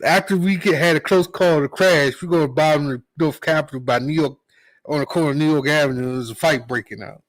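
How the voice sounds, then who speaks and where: A man's voice: on the high side, fast talker, no echo, rough recording. Laid-back man on a dry mic. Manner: laid-back storytelling, quoting himself under his breath. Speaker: podcast co-host. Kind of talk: casual podcast chat.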